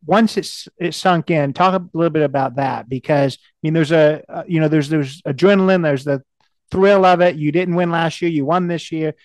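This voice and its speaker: Male podcast host, fairly high voice, halting questions, dry close sound. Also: no room sound. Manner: halting, restarts his questions. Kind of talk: casual interview.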